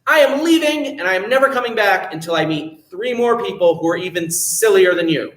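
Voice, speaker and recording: A man's voice: very high-pitched, fairly even intonation, normal speed, sharp tone, pitched above the performer's own voice. A man voicing Jack, an exasperated, sensible young man in a storytime tale, scolding the people around him. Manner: indignant, scolding. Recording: echoey room.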